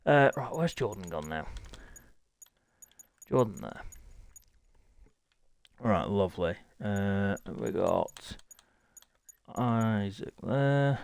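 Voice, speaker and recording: A man's voice: on the low side, animated, extremely slow, vocal fry, long pauses, a little mellow, clear, resonant tone, no room sound. Young male host, harried and apologetic, streaming a racing league to chat, close dry sound. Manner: harried, apologetic, talking to chat while setting up. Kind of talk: live-stream chat to viewers.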